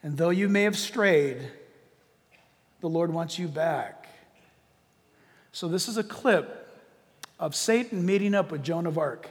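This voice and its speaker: A male pastor delivers a sermon in a high voice. He preaches slowly and with emphasis, and his words carry a long reverb through a large church. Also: expressive.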